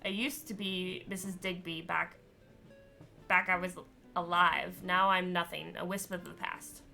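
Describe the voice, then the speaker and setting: A woman's voice: on the low side, little pitch movement, a little slow, gravelly, pushed and bright, soft background music, full character voice. A woman reading the lines of a blunt, scornful female ghost stuck at a train station.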